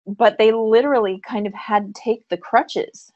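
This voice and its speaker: A woman co-hosting a live-streamed chat, telling a personal story in an animated way and laughing often. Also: fairly high pitch, moderate pace, no room sound, highs cut off. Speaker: podcast co-host and psychic reader.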